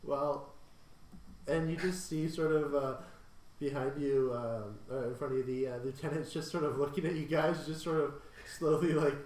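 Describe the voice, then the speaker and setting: A man narrating as game master of a tabletop game, halting, with many ums and uhs. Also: on the high side, darkish tone, reverberant, recorded from a distance, low-quality recording.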